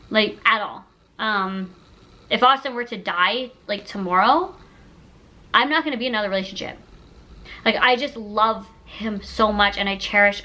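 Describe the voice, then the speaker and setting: Bright and forceful at a medium pitch, a YouTuber about thirty years old chats casually to the camera from a seated spot. She gushes with emotion and says "like" a lot, and the recording is low quality.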